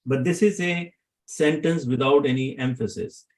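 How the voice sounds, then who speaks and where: A man's voice: medium pitch, moderate pace, poor audio. A man teaching Arabic grammar to a class, often asking his students questions to check they follow.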